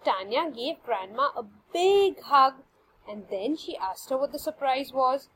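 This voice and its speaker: A woman reading a children's story aloud in an expressive, animated way. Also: sits high, measured pace, a little hiss or hum, rough recording.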